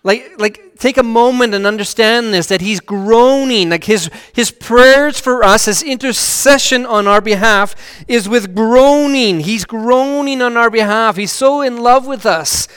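Man, pastor, sermon, earnest, high-pitched, echoing church hall. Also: measured pace, hardly any pauses, clear, resonant tone. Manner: earnest, swells louder on key phrases and drops to a hush on scripture.

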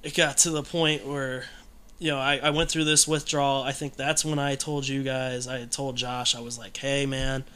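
A man's voice: medium pitch, steady tone, moderate pace, fairly bright tone, clean tone. A man telling his own story in casual conversation, candid and rambling, with many fillers and restarts.

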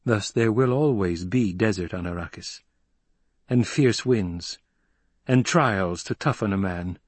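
A cold young ruler issues clipped, measured commands, as a male reader voices him. The tone is raised and firm over a slightly husky grain. Everything sits close and dry. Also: on the low side, dry recording. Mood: commanding.

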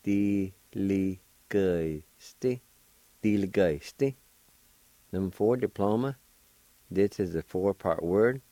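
A man's voice: lowish voice, expressive, unhurried, pauses often, mellow, dry recording. A man hosting a radio language lesson, patiently spelling out letters and syllables one at a time. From United States. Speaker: radio host teaching Cherokee words.

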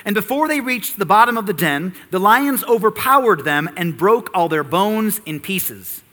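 A man's voice: sits high, lively intonation, normal speed, bright, forceful tone, big-room sound. A man preaching an expository sermon, reading scripture and teaching earnestly, with rhetorical questions to the congregation. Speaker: pastor.

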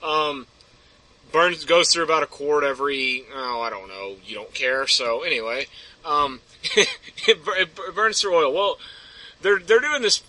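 A man's voice: fairly high pitch, bright, forceful tone, poor audio. A man telling a story as a podcast guest, ranting and rambling with plenty of swearing. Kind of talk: casual chat, storytelling.

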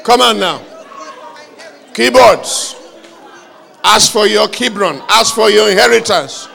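A male preacher delivering a fervent revival sermon, shouting repeated calls for the congregation to pray aloud. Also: high voice, animated, takes it slowly, creaky, some chatter behind. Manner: fervent, repetitive exhortation.

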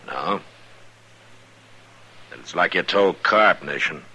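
An actor playing a calm, firm frontier marshal in a 1950s radio western. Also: male voice, low-pitched, slow pace, husky, exaggerated voice. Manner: firm, level, commanding.

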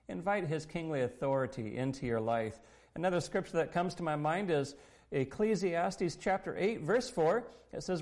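A man preaching a sermon in an earnest, measured way, quoting scripture. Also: on the high side, darkish tone. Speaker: pastor.

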